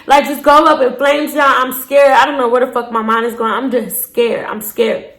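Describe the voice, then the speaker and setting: High-voiced woman telling a wild story. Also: moderate pace. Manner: animated, dramatic retelling with shouted bursts and cursing. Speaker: storytime vlogger. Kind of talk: casual storytelling to camera.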